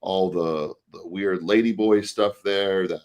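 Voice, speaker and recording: A man with a low voice tells a story on a podcast, looping back through fillers and false starts. His delivery is loose and conversational, a co-host talking with a friend. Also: steady tone, slow, a little mellow. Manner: rambling anecdote with many fillers and restarts. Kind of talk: casual storytelling chat.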